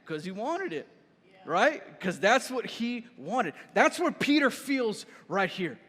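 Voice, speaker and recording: A man preaching a sermon as a pastor, telling his story with lively repeats and a habit of asking "right?". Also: high-pitched, slow pace. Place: church sanctuary. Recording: reverberant church hall.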